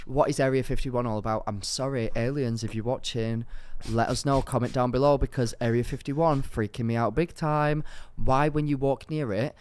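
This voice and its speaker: A young man co-hosting a podcast in casual chat, animated and jokey, with dramatic outbursts. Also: medium pitch, moderate pace, hardly any pauses, smooth. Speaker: podcast co-host.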